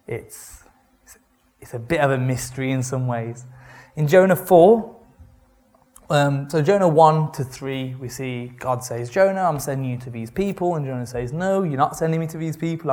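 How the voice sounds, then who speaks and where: A man delivers a sermon at a middle pitch, moving between read scripture and loose retelling. His manner is chatty and wry, with animated asides that keep the preaching informal. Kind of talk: sermon with Bible reading.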